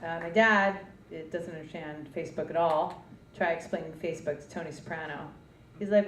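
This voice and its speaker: A woman's voice: low-pitched, a little fast. Brash woman doing stand-up in an echoey club. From New Jersey. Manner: brash, profane, punchy delivery. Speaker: stand-up comedian. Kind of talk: stand-up comedy routine. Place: comedy club stage, live audience. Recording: roomy club recording from a distance, audience noise.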